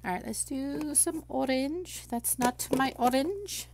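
A woman's voice: high voice, takes it slowly, a little mellow, slight background noise. A woman hosting a crafting livestream, chatting casually with viewers and thinking aloud while she works. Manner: chatty, talks to herself while working, reads chat aloud.

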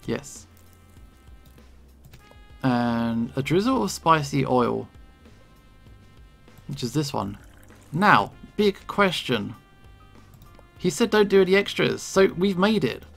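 A man giving casual gameplay commentary, relaxed and thinking aloud as he plays. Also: mid-range voice, takes it slowly, vocal fry, long pauses, faint music behind. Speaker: gaming video creator.

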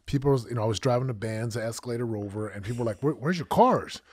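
A man in his forties tells his life story in an emotional, animated way, acting out what people said. His voice is husky and a little breathy. The sound is dry and close to the mic, with no room echo. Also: on the low side, racing. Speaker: guest, former football champion and coach. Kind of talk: candid storytelling interview.

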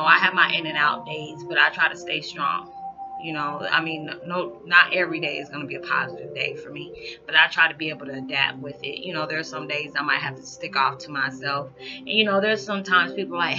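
A spiritual vlogger in her 40s talks in a casual, rambling way, full of "you know" fillers, getting animated and loud when she acts out reactions. Her voice is deep, and the dull lo-fi recording has background music.

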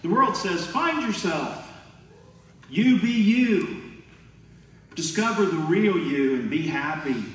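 A man preaching to his church, his slightly high voice carrying through a big echoing hall and picked up from some distance. He is emphatic, reading scripture and acting out quoted voices. Faint room noise sits behind him. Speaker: pastor. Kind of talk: sermon. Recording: echoey hall from afar.

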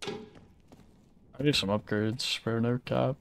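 A man's voice: mid-range voice, fairly even intonation, slow pace, creaky, slight background noise. A man streaming a game, chatting casually with his teammate in a laid-back, slangy way and laughing often. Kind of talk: casual gaming chat.

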